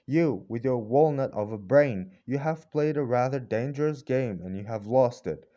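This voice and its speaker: A man's voice: mid-range voice, lively intonation, moderate pace, dark tone, dull audio, close to an everyday voice. A man reading a storybook role of an arrogant, short-tempered older male professor who talks with roaring, brutal bluntness. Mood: scornful.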